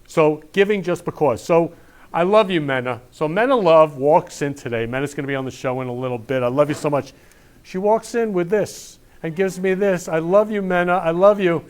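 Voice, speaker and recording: A man's voice: a little high, normal speed, darkish tone. A middle-aged man hosting a talk show, gushing and repeating declarations of love in an effusive monologue.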